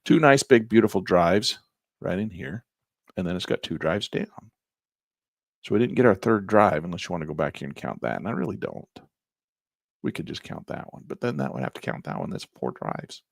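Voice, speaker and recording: A man teaching trading as he walks through a chart, in a folksy, animated way with slangy asides. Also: sits low, moderate pace, gravelly, dry recording, studio quality. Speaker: trading instructor. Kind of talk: chart-walkthrough lesson.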